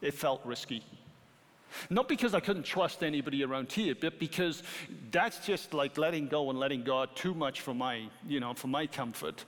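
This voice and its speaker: A middle-aged British man preaching a sermon as pastor, animated and rising to emphatic peaks. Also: a little high, normal speed. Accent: British English. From Britain. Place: church sanctuary. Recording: long hall reverb.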